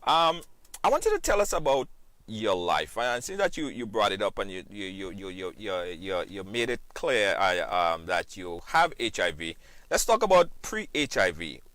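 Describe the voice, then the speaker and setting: A man hosting a live stream show, lively and repetitive, giving shout-outs to viewers. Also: on the low side, moderate pace, dry recording. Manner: animated, repeats phrases, bursts into sung shout-outs.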